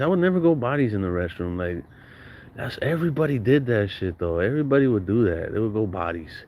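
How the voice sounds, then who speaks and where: A man's voice: on the low side, lively intonation, fast talker, lo-fi sound, slight background noise. Slangy, profane man telling stories. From Southern California. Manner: slangy, profane, laughs often. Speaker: podcast guest storyteller. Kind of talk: casual storytelling.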